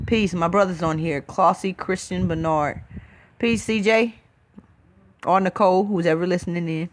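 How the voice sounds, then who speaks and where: A woman's voice: on the low side, normal speed. A woman hosting a spiritual talk, speaking in an emphatic, preachy casual style and often tossing in a rhetorical "hmm?". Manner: reads out listener comments.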